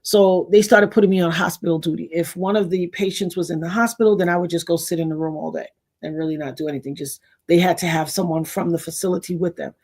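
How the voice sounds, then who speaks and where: A middle-aged woman from New York hosting a casual livestream, telling personal stories in an animated way, acting out quotes and thanking her chat. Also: fairly low pitch, quick pace. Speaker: livestream host.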